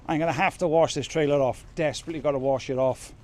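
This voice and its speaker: A man's voice: fairly high pitch, fairly even intonation, quick pace, a little mellow, a little hiss or hum. A man chatting casually as he loads his truck outdoors, rambling and joking at his own expense. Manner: chatty, rambling, self-mocking. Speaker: truck driver vlogger. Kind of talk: casual chat while working. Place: outdoors at a loading yard in rain.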